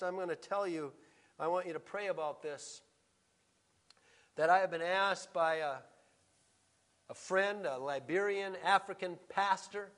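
A pastor preaching a sermon, emphatic, swinging between loud proclaiming and a hushed near-whisper. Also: male voice, sits high, measured pace, long pauses.

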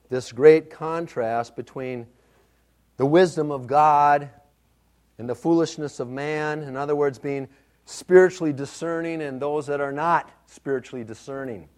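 A middle-aged man preaching a sermon, telling a story in an animated, self-mocking way. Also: on the high side. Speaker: pastor.

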